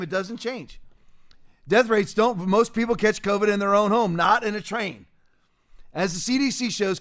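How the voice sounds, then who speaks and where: A man's voice: high-pitched, fairly bright tone. A man hosting a commentary show, ranting in a combative way and repeating phrases for emphasis. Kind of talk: heated political commentary.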